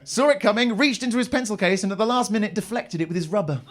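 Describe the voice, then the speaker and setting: Man, young, from England, stand-up comedian, high voice, rambling crude storytelling, live comedy club. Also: expressive, fast talker, noisy background.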